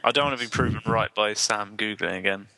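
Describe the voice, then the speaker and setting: A man's voice: on the low side, a little fast, pushed and bright. A man co-hosting a casual comedy podcast, joking and laughing often. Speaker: podcast co-host.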